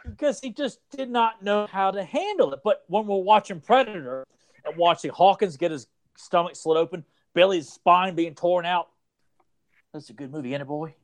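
A man in his thirties, a podcast co-host, rambles animatedly through childhood stories with lots of restarts in casual chat. His voice sits high, his speed is normal, and there's no echo.

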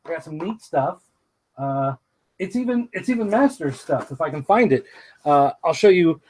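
A man's voice: fairly high pitch, animated, moderate pace, darkish tone. A man producing a podcast, chatting casually on a livestream from a small control booth, rambling with many ums. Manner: rambling, with many fillers and restarts.

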